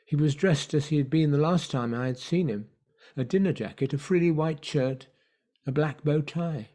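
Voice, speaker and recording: A man narrating a story in an online play reading, measured and hushed. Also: on the high side.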